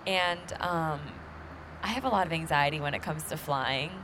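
A woman's voice: sits low, normal speed. A young woman hosting a casual podcast on a plane, chatty and giggly with lots of fillers. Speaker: podcast host. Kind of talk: casual chat. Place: airplane cabin. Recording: noisy plane cabin, off-mic at times.

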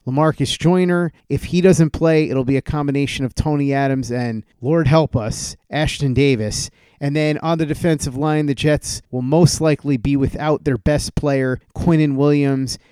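A man's voice: on the high side, steady tone, moderate pace, darkish tone, clean tone, no room sound, clean studio sound. A man hosting a sports talk show, giving a methodical rundown of team news and asking his guest questions. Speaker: sports podcast host.

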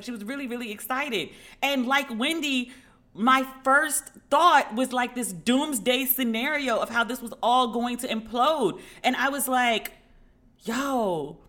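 A woman hosting a podcast, chatting through pop-culture gossip in a salty, quick-aside way. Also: high voice, bright, forceful tone. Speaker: podcast host. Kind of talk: casual pop-culture commentary.

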